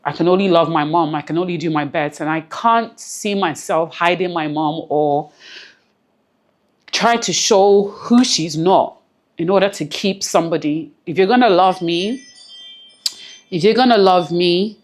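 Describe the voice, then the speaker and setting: Low-voiced woman speaking earnestly. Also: a little slow. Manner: earnest, reflective, repeats phrases for emphasis; close to tears at times. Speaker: interview guest. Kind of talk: emotional personal interview.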